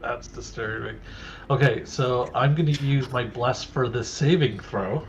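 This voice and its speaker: A man's voice: mid-range voice, a little slow, a little hiss or hum. Man, tabletop player, casual, groans, rule-checking, dull lo-fi mic. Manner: casual, checks rules aloud, groans at mishaps. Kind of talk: tabletop game play.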